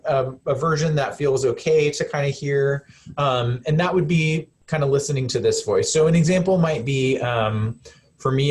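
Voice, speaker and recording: A man presenting a live self-compassion webinar as a counselor, speaking gently and conversationally with frequent fillers and restarts. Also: mid-range voice.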